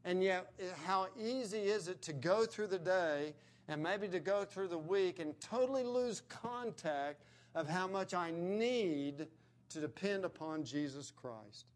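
A man's voice: high-pitched, lively intonation, measured pace. A man preaching a sermon, earnest and emphatic, pressing his points with rising stresses.

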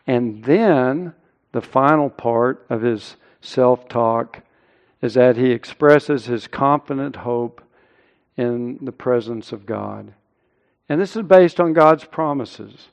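A middle-aged male pastor preaching a sermon, earnest, rising loud and high when he quotes scripture. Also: takes it slowly.

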